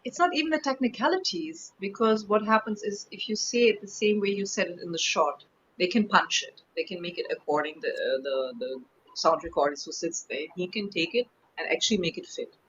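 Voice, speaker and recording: A woman with a German accent, an actress guest chatting in an interview, telling stories in an animated way with frequent restarts. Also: on the low side, a little fast, lo-fi sound, a little hiss or hum. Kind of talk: casual interview chat.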